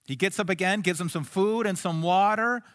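A male pastor with a high voice preaches an earnest sermon at normal speed, dropping to soft, hushed lines and then rising into emphatic ones. The long reverb of a large hall rings around his words.

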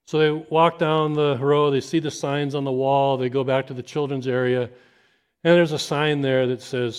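A man's voice: medium pitch, little pitch movement, clear, resonant tone. A man preaching a sermon, telling an imagined story and acting out the people in it. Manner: storytelling, acting out scenes in quick voices.

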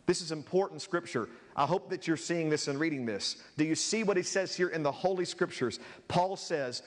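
A man's voice: on the high side, animated, moderate pace, few pauses. Man preaching with a long reverb. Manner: preaching with rising intensity, reading scripture aloud. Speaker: pastor. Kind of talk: sermon.

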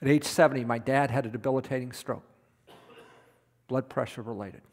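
A man's voice: mid-range voice, brisk. A middle-aged man preaching a sermon as a pastor, emphatic, repeating words for stress. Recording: long reverb of a hall.

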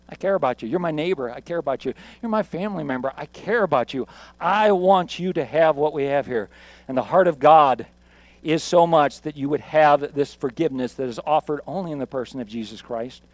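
A male pastor delivers his sermon in an easygoing, joking way, doubling back on words for emphasis. His voice sits notably high. The sound is dry and close, with little room around it. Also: brisk, no room sound. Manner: conversational, jokey, emphatic with repeats.

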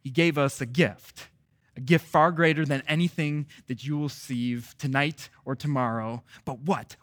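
A man preaching a sermon as pastor, asking repeated rhetorical questions and swinging between loud, emphatic stretches and soft, quiet ones. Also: medium pitch, steady tone, normal speed, no echo, clean studio sound.

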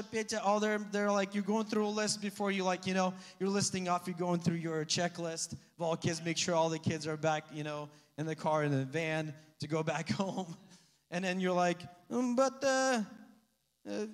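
A man with a high voice delivers a conversational sermon, mixing teaching with casual asides and chuckles. His voice rings out with a long reverb, as in a large hall. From Slavic family background. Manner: animated, conversational preaching with asides and laughs. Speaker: pastor.

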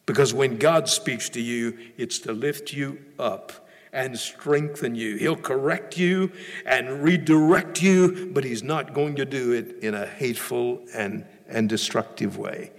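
A man's voice: medium pitch, measured pace, long reverb tail. A male pastor preaching a sermon in a church, emphatic, often repeating and restarting phrases.

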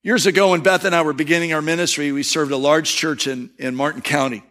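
A middle-aged male pastor preaching a sermon in a conversational storytelling way, dropping soft and low for emphasis. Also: steady tone, fast talker.

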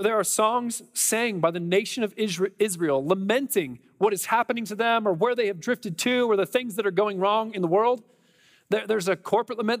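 A man's voice: high-pitched, big-room sound. A man preaching a sermon in a conversational, emphatic way, with lots of rhetorical questions to the congregation. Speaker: pastor.

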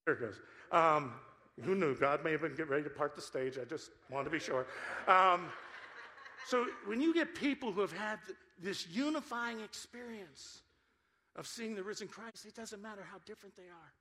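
A man preaching a sermon in a church, an animated storyteller who jokes with the congregation. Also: high voice, normal speed. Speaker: pastor. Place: church sanctuary.

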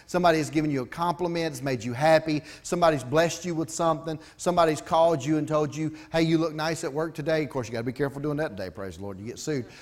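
A middle-aged pastor, preaching a folksy, conversational sermon with asides to his congregation. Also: fairly high pitch.

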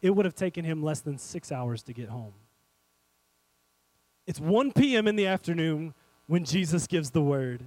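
A man preaching a sermon, animated and speaking straight to his congregation, swinging between loud and hushed. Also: fairly high pitch, normal speed, pauses often, no echo, poor audio. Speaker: pastor.

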